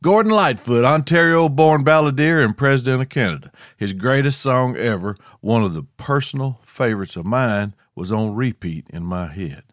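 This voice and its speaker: A man's voice: mid-range voice, expressive, normal speed, few pauses, no echo. A man from Arkansas, telling a scripted outdoor story with dry, wry humor. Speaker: podcast host.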